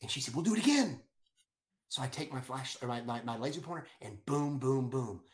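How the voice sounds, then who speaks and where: A man's voice: medium pitch, steady tone, a little fast. A middle-aged man eagerly telling a personal story, with lots of restarts and repeated words. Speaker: guest storyteller. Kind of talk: animated storytelling.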